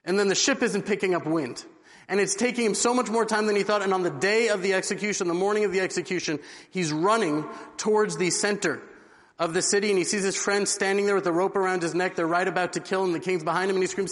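A man's voice: high-pitched, fast talker, a bit bright. A man giving an inspirational religious talk, telling a story earnestly. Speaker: religious speaker. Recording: long hall reverb.

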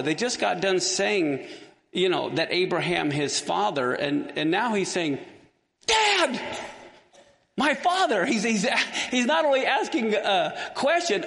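In a recording with long hall reverb, a man with a high, gravelly, slightly bright voice leads a class through a Bible passage. He stays engaged with his listeners, posing questions as he goes.

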